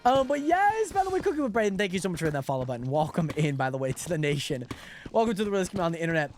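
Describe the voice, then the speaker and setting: A young man live-streaming a game, chatting excitably to his viewers and greeting them by name, with lots of "like" and "hold on". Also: high voice, rapid-fire, slight background noise. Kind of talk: casual livestream chat while gaming.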